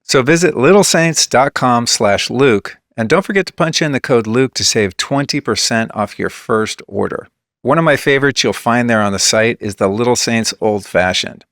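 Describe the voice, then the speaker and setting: Relaxed man reading an ad, dry sound. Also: medium pitch, normal speed, no echo. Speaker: podcast host reading an ad. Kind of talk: scripted ad read.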